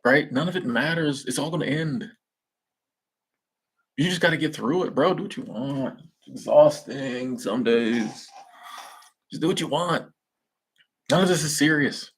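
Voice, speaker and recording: A young man hosts a live stream, casually reading viewer comments in slangy speech and laughing at his own jokes. His voice is fairly high-pitched with a breathy edge, at a measured pace with frequent pauses.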